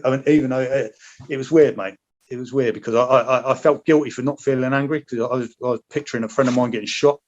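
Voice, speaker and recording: A man's voice: medium pitch, dull audio. A man, a former paratrooper, chatting frankly as a podcast guest, rambling and swearing freely. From Britain. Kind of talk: casual interview chat.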